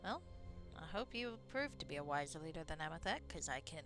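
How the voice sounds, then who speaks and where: A woman's voice: deep voice, big pitch swings, fairly quick, over music. A woman doing a hammy bad-drawl male game hero. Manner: hammy fake Southern drawl.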